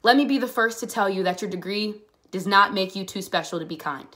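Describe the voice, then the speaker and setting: A woman's voice: mid-range voice, fairly bright tone. Twenty-something woman vlogging about something personal, earnest, lots of um's, gets fired up. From Pittsburgh area. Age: 20s. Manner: earnest, halting, grows heated and emphatic. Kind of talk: personal vlog monologue.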